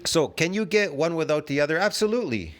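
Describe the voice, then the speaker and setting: A man's voice: a little high, big pitch swings, fast talker. A man in his fifties giving reaction commentary, rambling and swearing as he argues and lectures, often asking whether you get it. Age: 50s. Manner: profane, rambling and argumentative. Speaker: fitness commentator reacting to a video.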